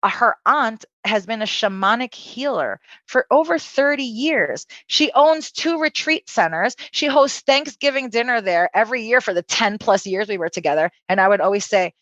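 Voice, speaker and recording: A woman who is a podcast guest and spiritual healer, telling a personal story with animated, profane energy and acting out quotes. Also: on the high side, moderate pace, hardly any pauses, no echo, lo-fi sound.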